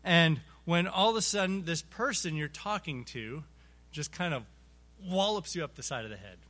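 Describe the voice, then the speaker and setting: A man with a high voice teaches an adult Bible class. He often stumbles and repeats words as he talks, and he chuckles while acting out everyday scenes to make his point. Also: expressive, sharp tone. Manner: halting, repeats words, chuckles through illustrations. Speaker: Sunday school teacher.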